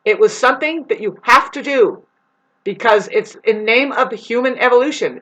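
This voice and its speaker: Woman, spiritual vlogger, rambling and cussing, loud one moment and mumbling the next. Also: expressive, normal speed, lo-fi sound. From United States. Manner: agitated and profane, swinging between loud outbursts and low muttering.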